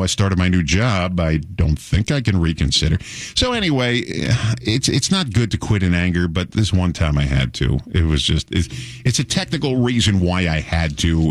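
A man's voice: low-pitched, no echo, clean studio sound. A middle-aged man hosting a radio show, talking in a chatty, wry way and chuckling often. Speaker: radio host. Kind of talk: casual radio talk.

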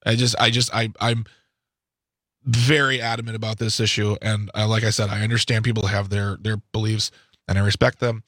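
A man's voice: lowish voice, little pitch movement, fairly quick, a bit bright, no echo, clean studio sound. A man co-hosting a radio talk show, giving strong opinions in a rambling, emphatic way.

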